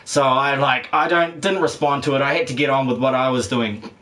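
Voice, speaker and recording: A man's voice: mid-range voice, fairly even intonation, a little fast, sharp tone. Guy streaming a game and chatting w chat, rambly and jokey, swears a lot, medium voice. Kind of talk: casual live-stream chat.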